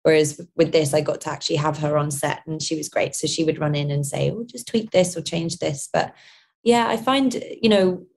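A young woman from London with a London accent, answering interview questions casually, hesitant with many restarts and soft laughs. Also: deep voice, brisk. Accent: London English. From London, England. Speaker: actress, interview guest.

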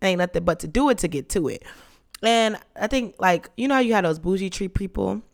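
A young woman hosting a podcast in casual chat, playful and dramatic, her voice lowered and rough from being sick. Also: animated, brisk. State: sick, voice deeper than usual. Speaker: podcast host.

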